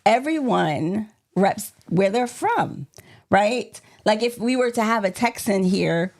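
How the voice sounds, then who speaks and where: A woman from New York with a New York accent, co-hosting a casual live-stream chat with animated, playful banter and slang. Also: mid-range voice, slow. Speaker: co-host.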